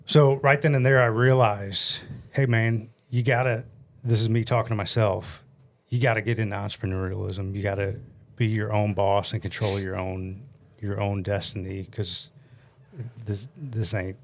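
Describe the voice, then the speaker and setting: A man in his forties from the United States, telling a story as a podcast guest in a blunt, animated way and swearing freely, into a studio mic. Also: lowish voice, normal speed. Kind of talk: casual storytelling chat. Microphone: studio mic on a stand.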